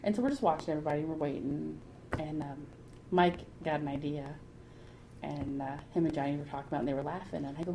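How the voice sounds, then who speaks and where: A woman telling lively rambling anecdotes in a casual podcast interview, laughing often. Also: sits low, quick pace, rough recording. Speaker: guest artist. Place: anime convention. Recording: convention crowd noise behind.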